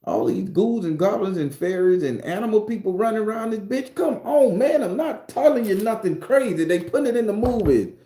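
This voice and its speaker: A man's voice: high-pitched, expressive, brisk, few pauses, dark tone. A man ranting casually to his viewers as a spiritual vlogger, profane, rambling and preachy. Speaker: spiritual tarot reader vlogger. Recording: roomy echo.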